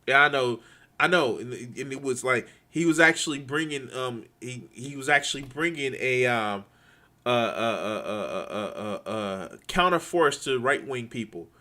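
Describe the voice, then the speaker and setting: A man ranting angrily to his viewers, swearing a lot, stumbling over restarts and swinging between quiet and loud. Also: mid-range voice, lively intonation. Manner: profane, halting, many restarts. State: angry and frustrated. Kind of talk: angry unscripted rant.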